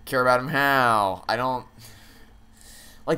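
A man's voice: medium pitch, expressive, normal speed, pauses often, bright, forceful tone, clear, resonant tone. A man playing through a story game, thinking aloud with hesitant, stammering restarts and casual swearing. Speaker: let's play gamer.

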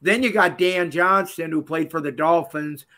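A man, telling stories as a guest in a casual interview, folksy and animated, laughing often. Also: fairly high pitch, normal speed. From Minnesota. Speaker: guest, retired pro wrestler.

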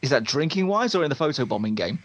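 A man hosting a casual podcast interview, hesitant with many filler pauses. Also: on the high side, sing-song.

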